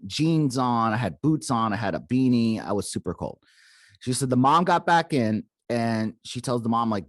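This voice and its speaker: A low-voiced man from Arizona hosts a paranormal podcast, recorded with no echo. He casually retells an encounter he heard about secondhand, quoting the people involved and peppering it with "like" and "okay?".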